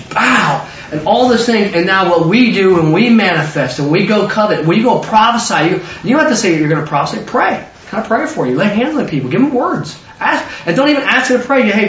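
Animated high-voiced male preacher, roomy hall. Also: a little hiss or hum. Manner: animated, acts out biblical figures in excited voices. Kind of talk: sermon. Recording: roomy, distant, dull lo-fi sound.

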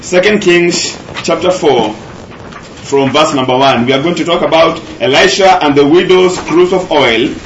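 Preacher guy teaching, fairly high voice, echoey room, kinda dull sound. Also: unhurried, a little hiss or hum. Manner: earnest, repetitive emphasis. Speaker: pastor. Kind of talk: sermon teaching.

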